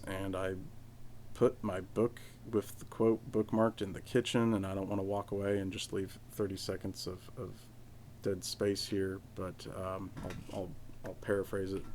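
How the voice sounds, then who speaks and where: A man's voice: sits low, a little mellow, slight background noise. A man hosting a casual solo podcast from home, rambling with many restarts and fillers. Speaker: podcast host.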